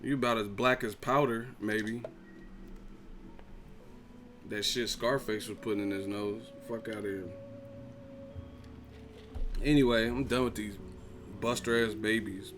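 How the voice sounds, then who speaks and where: A man's voice: lowish voice, steady tone, measured pace, long pauses, fairly bright tone. Cast a male boxing stream host, heated and profane, faint music behind. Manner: profane, heated, laughing mid-sentence. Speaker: host of a boxing live chat. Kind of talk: live stream rant.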